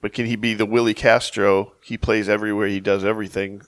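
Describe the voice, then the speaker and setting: A man's voice: fairly low pitch, little pitch movement, fast, no room sound. Laid-back man musing on a podcast. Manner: brief agreeing interjections, musing asides. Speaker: podcast co-host. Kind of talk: casual sports podcast chat.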